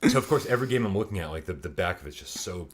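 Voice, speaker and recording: A man co-hosting a podcast, telling a story in a casual, animated way, laughing often and swearing freely. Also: low voice, racing. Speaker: podcast co-host.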